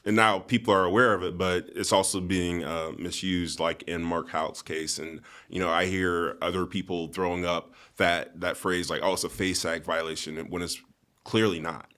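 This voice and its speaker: A man who is a lawyer, answering podcast questions in a measured, slightly hesitant way. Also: low-pitched, steady tone, pushed and bright. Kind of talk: casual interview answers.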